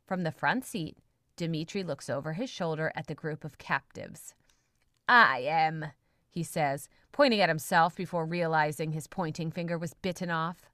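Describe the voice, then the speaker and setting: A woman reading a comedy story chapter aloud on a podcast, animated and quick to laugh, doing voices for the characters. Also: low voice, no room sound, studio quality.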